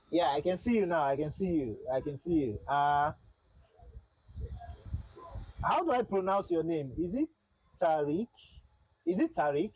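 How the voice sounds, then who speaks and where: A man livestreams a flight simulator and chats with his viewers in a loose, repetitive way. His voice sits a little high and has a husky grain. The sound is close and dry, like a desk mic in a small room. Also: darkish tone, dry recording, low-quality recording. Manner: chatty, repeats himself, talks to chat. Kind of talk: casual livestream commentary.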